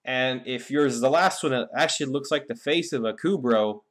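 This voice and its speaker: A man's voice: medium pitch, fairly quick. A young man giving a casual, rambling game guide with many fillers and restarts. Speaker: gaming YouTuber.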